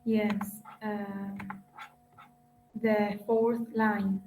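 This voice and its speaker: A woman's voice: mid-range voice, flat delivery, very slow, a little mellow. A woman student answering in class, hesitant with short answers. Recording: echoey room, faint ambient noise.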